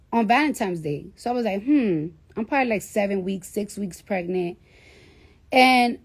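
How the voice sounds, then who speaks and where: A woman tells a personal story in loose, unfiltered talk. Her voice sits slightly high, and she swears freely. She slips into the voices of the people she quotes. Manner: profane, animated, acts out quoted voices. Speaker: rapper telling a story to listeners. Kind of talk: casual storytelling, livestream-like.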